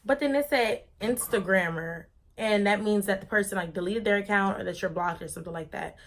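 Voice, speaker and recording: A woman's voice: medium pitch, brisk. A young woman vlogger telling a personal story in a casual, dramatic, slangy way.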